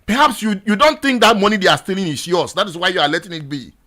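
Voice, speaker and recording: A Nigerian man hosting a radio talk show, exhorting his listeners in a repetitive, impassioned monologue that rises to shouts. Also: high-pitched, fast. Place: radio studio.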